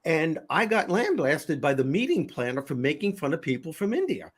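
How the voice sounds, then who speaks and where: A middle-aged man with a New York accent hosting a casual panel chat, telling animated stories in bursts with many restarts. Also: fairly high pitch, moderate pace. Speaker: host.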